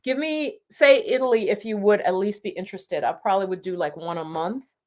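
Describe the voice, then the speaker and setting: Woman host, live-stream chat, middle pitch, rambling and laughing between asides. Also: lively intonation, brisk. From United States. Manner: chatty and warm, with frequent laughs and rambling asides. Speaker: YouTube channel host.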